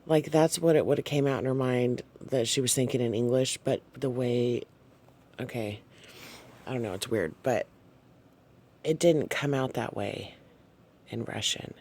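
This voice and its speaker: A man hosting a channel shares a dream in a casual, unhurried way, his medium-pitched voice gravelly. He sounds soft-spoken and halting, frequently stopping on fillers and apologizing.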